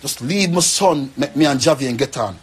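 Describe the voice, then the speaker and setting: A man's voice: mid-range voice, animated, normal speed. A young man with a Jamaican accent, rambling and pleading in an emotional rant to the camera. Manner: pleading, rambling, repeats himself.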